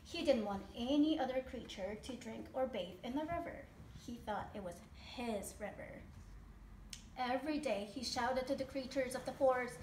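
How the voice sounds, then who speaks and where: A woman with a high, bright voice reads a children's picture book aloud, giving each sentence an animated, expressive lift. She is recorded at home in an echoey room with a faint hiss behind her. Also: moderate pace. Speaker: mother reading aloud. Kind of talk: children's story read-aloud.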